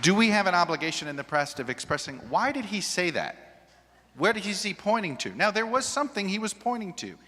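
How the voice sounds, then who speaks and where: Male journalist panelist, animated and restarting often, with a bright voice in a reverberant hall. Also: sits high, fast, a little hiss or hum. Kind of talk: panel discussion. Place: large hall with an audience. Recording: long reverb of a large hall.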